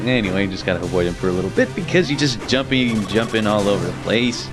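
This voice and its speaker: Brief: young guy, lively swearing let's play voice, game music underneath. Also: on the low side, quick pace, few pauses, rough recording. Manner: loose, profane, laughing asides. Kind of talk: casual gameplay commentary.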